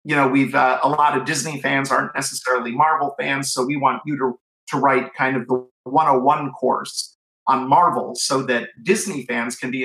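A middle-aged Cleveland man with a medium-pitched, gravelly, slightly bright voice speaks in an echoey room on a rough recording. He's an author being interviewed, telling stories with enthusiasm. He restarts often and uses plenty of fillers.

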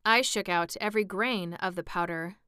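A woman's voice: on the low side, normal speed, bright, forceful tone, smooth, no echo, clean studio sound. A woman reading the part of an earnest young boy adventurer in an audiobook, in a plain, slightly raised voice.

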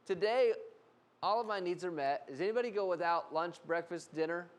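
A man preaching a sermon with animated storytelling and casual fillers. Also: sits high, brisk. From United States.

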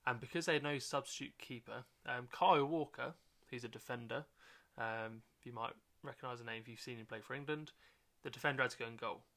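A man's voice: medium pitch, fairly quick, few pauses, fairly bright tone. A man co-hosting a comedy podcast in a chatty, laid-back way. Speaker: podcast co-host. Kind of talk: casual comedy podcast chat.

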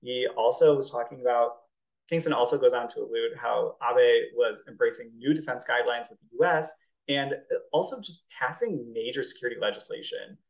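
A man's voice: mid-range voice, brisk, gravelly, low-quality recording. A young man co-hosting a podcast, chatting casually and explaining with jokey everyday comparisons. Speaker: podcast co-host. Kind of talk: casual chat.

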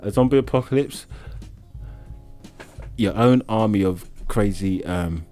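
A man's voice: on the low side, a little slow, mellow, soft background music. A man co-hosting a comedy podcast, wry and musing, chuckling through casual chat. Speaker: podcast co-host.

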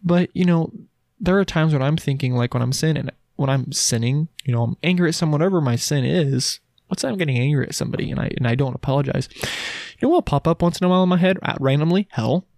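A man's voice: a little high, quick pace, vocal fry, a little mellow, no echo, studio quality. A man hosting a solo podcast, talking casually in a rambling, chatty, self-deprecating way. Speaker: podcast host.

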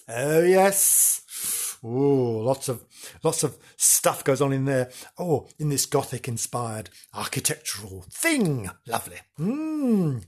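Husky guy hamming up ghost stories, voice jumps all over, lots of ooh and would you. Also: mid-range voice. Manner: theatrical, drawn-out exclamations, teasing questions. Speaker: host. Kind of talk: comic spooky-story hosting.

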